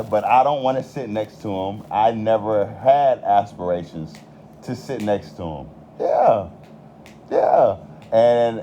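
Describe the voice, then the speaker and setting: A man's voice: medium pitch, dark tone, muffled recording, a little hiss or hum. Heated, cussing man with a country accent. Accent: American country. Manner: heated, repetitive, swears constantly. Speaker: commentator. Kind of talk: profane monologue rant.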